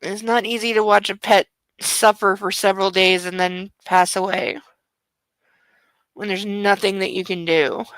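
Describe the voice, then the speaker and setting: A woman's voice: mid-range voice, fairly even intonation, normal speed, fairly bright tone, no room sound, low-quality recording. A young woman hosting an online book club, chatting and mocking the text with sarcastic asides. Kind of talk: sarcastic reading commentary.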